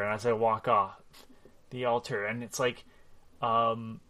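A man telling a friend about a game he played, animated and loose with his swearing. His voice sits at an ordinary middle pitch. He acts out the lines as he goes. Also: slow, pauses often. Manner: animated storytelling, swears freely, acts out quotes. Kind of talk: casual chat recapping a video game.

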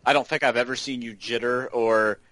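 A man's voice: mid-range voice, fairly even intonation, fairly quick, a bit bright, no room sound. A man co-hosting a podcast, chatting about video games in an easygoing, agreeable way, often repeating his words. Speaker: podcast co-host.

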